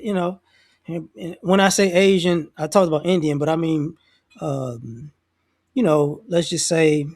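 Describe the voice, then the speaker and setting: High-voiced man rambling social commentary. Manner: rambling, loose, slangy, with many restarts; acts out other people's voices in quotes. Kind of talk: casual social commentary monologue.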